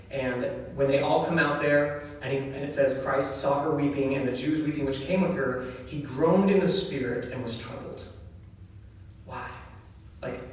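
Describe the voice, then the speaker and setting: A man's voice: mid-range voice, far from the mic. Man speaking in an echoey hall. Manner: casual and reflective, often asks "right?". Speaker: church speaker. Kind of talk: conversational scripture talk.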